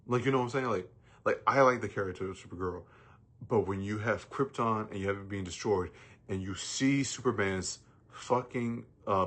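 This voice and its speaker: A man's voice: fairly low pitch, slightly rough. A man ranting casually about a film, rambling and profane, with many fillers and restarts. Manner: bursts into loud mocking jokes. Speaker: movie reviewer. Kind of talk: casual rant.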